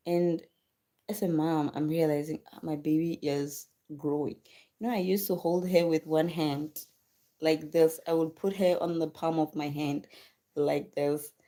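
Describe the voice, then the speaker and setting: A woman's voice: sits low, warm tone. A woman chatting casually on a live stream about being a mother. She repeats words for emphasis and thanks viewers by name. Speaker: livestream host and mother.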